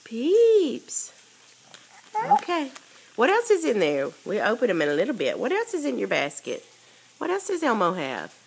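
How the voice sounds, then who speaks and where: A woman's voice: fairly high pitch, wildly swooping pitch, normal speed, vocal fry, slight background noise. Sing-song mother coaxing a toddler. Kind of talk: home video, talking to a toddler.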